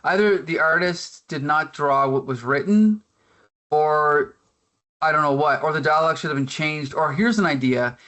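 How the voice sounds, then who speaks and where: A man with a slightly high voice argues his view on a comic book firmly and at length. He speaks in casual, emphatic podcast chat. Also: normal speed, pushed and bright. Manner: opinionated, emphatic arguing.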